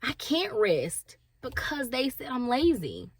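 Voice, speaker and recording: A woman's voice: fairly high pitch, wildly swooping pitch, takes it slowly, a little hiss or hum. A woman in her thirties, a stay-at-home mom, talking candidly and emotionally to camera, laughing at herself and acting out her inner voices. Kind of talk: candid confessional talk to camera.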